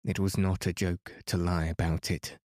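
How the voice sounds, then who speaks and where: Lofty, stern young heroine, read by a man in a dry, mellow voice. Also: sits low, little pitch movement, normal speed, dry recording, lightly acted. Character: proud, stern teenage girl.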